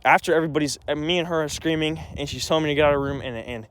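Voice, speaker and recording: A man's voice: a little high, rapid-fire, fairly bright tone, clean tone, no room sound. Agitated young man, rambling and swearing. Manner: agitated, rambling, with many restarts and frequent swearing. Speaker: vlogger. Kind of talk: emotional personal storytelling.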